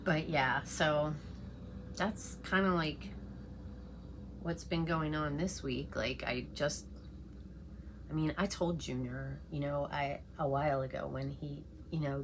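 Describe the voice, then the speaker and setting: Low gravelly-voiced woman vlogger. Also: steady tone, noisy background. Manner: rambling, halting, many fillers and restarts. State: emotional, close to tears. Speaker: beauty vlogger. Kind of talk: casual chat while getting ready.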